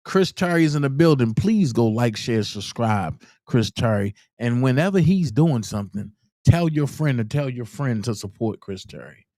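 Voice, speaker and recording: A man hosting a live commentary stream, giving shout-outs to viewers and then speaking bluntly and heatedly, repeating his points for emphasis. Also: medium pitch, animated, moderate pace, dry recording, clean studio sound.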